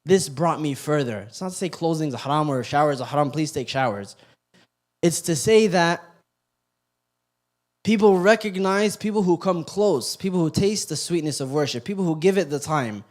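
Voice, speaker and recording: A man giving a youth sermon, joking and animated while telling the story, then quiet and earnest as he drives the lesson home. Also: on the high side, moderate pace. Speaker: youth halaqa speaker. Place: youth center hall.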